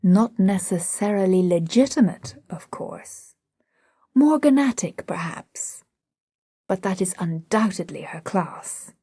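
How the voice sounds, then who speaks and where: A genteel male society host, read by a woman, offering mild, measured remarks. The voice is slow and husky, recorded dry. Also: mid-range voice, lively intonation, warm tone, no room sound. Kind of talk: audiobook drama reading.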